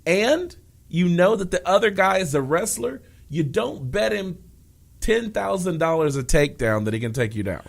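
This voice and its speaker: A man co-hosting a combat sports podcast, talking casually and quickly in bursts, often laughing. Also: high voice, gravelly. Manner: animated, talks fast in bursts, laughs often. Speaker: podcast co-host.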